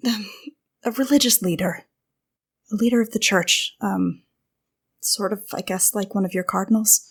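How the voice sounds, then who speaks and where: A woman's voice: medium pitch, normal speed, slightly rough. A woman player talking casually and hesitantly at a tabletop game, with fillers.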